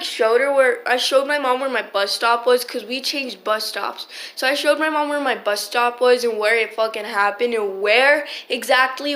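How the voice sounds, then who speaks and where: A teenage girl vlogger records a casual storytime into her phone, her slightly high voice pushed and bright. She rambles, swears freely, and keeps restarting her sentences.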